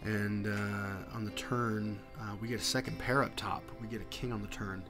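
A man giving voice-over commentary on his poker hands, halting and full of fillers. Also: on the low side, flat delivery, over music. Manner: halting, many fillers and restarts. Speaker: poker vlogger.

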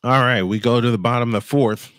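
A man's voice: fairly even intonation, fast, a bit bright, dry recording. Fifty-something guy calling a ball game live, kinda goofy and chatty, fixes his own slips, dry sound. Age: 50s. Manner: goofy, self-correcting, chatty between pitches. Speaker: play-by-play announcer. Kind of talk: live fan play-by-play commentary.

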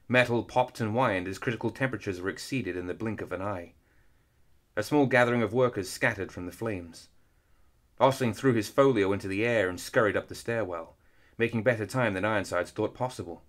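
A man reading an action story aloud in steady, measured narration. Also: lowish voice. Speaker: audiobook reader. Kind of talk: scripted narration.

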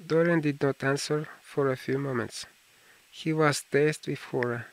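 Slow, gravelly male audiobook narrator. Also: medium pitch, steady tone, a little hiss or hum, poor audio. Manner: slow, deliberate reading. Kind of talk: scripted narration.

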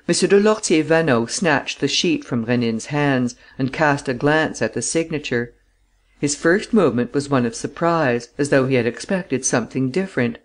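A man narrating an audiobook in a steady, even storytelling voice. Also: mid-range voice, moderate pace. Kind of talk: scripted narration.

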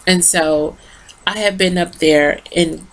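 A woman's voice: fairly low pitch, fairly even intonation, slow pace. A tired woman rambling through a casual lipstick review into her phone, talking straight to her viewers. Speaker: beauty vlogger.

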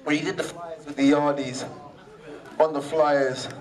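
A man doing stand-up comedy, excitable and acting out other people's gestures and threats. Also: a little high, unhurried, a crowd in the background. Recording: amateur far-off camera in a noisy crowded theatre.

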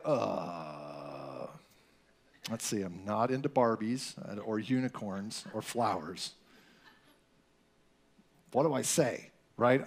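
Male preacher, high voice, loose storytelling delivery, filler-heavy, conversational sermon. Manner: chatty, storytelling, lots of "like" and "you know". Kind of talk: casual sermon with personal stories.

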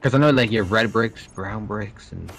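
A man's voice: on the low side, normal speed, gravelly, fairly bright tone, slight background noise. A young man from Canada chatting and joking with friends while playing a co-op game. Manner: joking, laughs often, teasing. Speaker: gamer. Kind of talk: casual co-op gaming chat.

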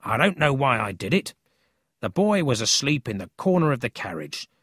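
A man's voice: medium pitch, sing-song, moderate pace, a bit bright, slightly rough, no echo, clean studio sound. A man voicing a sly adult thief who talks in a meek, wheedling way.

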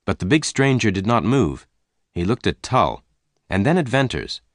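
A man narrating a story in a slow, clear, even reading for English learners. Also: fairly low pitch, no room sound, studio quality.

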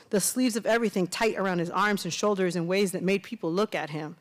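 A woman author from Miami reads her own short fiction aloud. She tells it in a steady, conversational way, and her voice sits at an ordinary middle pitch. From Miami, USA.

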